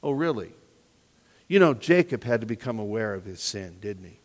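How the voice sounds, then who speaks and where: A man preaching a sermon as pastor, earnest and questioning, often dropping to quiet emphasis. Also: fairly low pitch, big pitch swings, fairly quick. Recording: echoey hall reverb.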